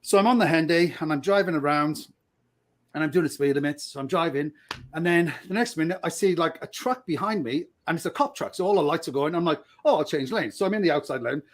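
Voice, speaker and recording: A man's voice: fairly high pitch, fast. A middle-aged man telling stories on a podcast, laughing often and acting out the voices of people he quotes. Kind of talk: casual storytelling.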